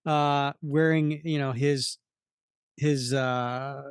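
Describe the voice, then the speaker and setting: A man's voice: mid-range voice, steady tone, drawn-out words, clean tone, no echo, studio quality. A man co-hosting a casual comic book podcast, walking through the panels unhurriedly with many fillers. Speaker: podcast co-host.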